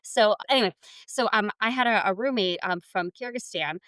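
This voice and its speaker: Lively woman podcast co-host. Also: mid-range voice, moderate pace, clear, resonant tone, no echo. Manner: animated storyteller, laughs often. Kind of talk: casual chat.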